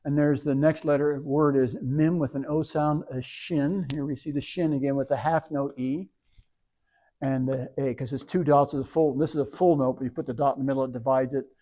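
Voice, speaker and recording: Reading scripture aloud during a religious service, a man then teaches Hebrew words letter by letter, patiently breaking each into its sounds. His warm, mellow voice sits at a middle pitch. His tone stays steady and he talks a little fast.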